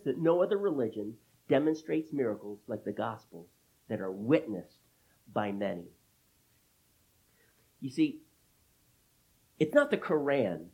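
A man preaching a sermon, emphatic, with big swings in loudness and repeating key phrases for stress. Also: mid-range voice, breathy edge, rough recording. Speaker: pastor.

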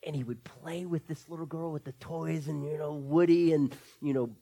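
A man preaching a sermon to a church, dropping to soft near-whispers and then rising into loud, excited bursts. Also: a little high, a little fast, few pauses. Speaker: pastor. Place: church sanctuary.

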